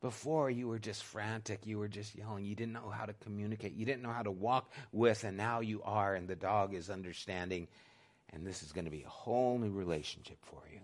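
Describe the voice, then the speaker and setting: Middle-aged guy pastor giving a sermon, chatty, gets loud then drops way down soft. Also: on the low side, brisk. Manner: conversational preaching, swings from loud emphasis to soft hush.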